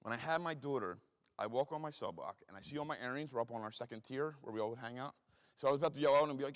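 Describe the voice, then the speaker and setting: A man in his forties with an East Coast accent, telling blunt, heavily profane stories as a guest speaker. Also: medium pitch. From Philadelphia. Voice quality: blunt, heavily profane, rapid street talk. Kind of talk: storytelling talk. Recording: reverberant hall.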